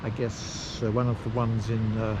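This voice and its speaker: A man narrating a casual travel vlog outdoors at a campsite, unhurried and rambling with pauses and fillers. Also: on the low side, completely flat delivery, background noise. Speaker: travel vlogger.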